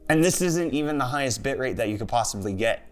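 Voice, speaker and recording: Excitable young man unboxing a TV. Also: mid-range voice, fast, soft background music. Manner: enthusiastic, exclaims often. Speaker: tech video presenter. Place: well-lit indoor room.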